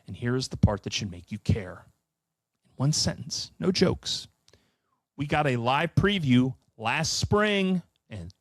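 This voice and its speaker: A middle-aged man giving an animated solo finance presentation, emphatic and sardonic with profane asides. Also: mid-range voice, no room sound. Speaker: finance commentator.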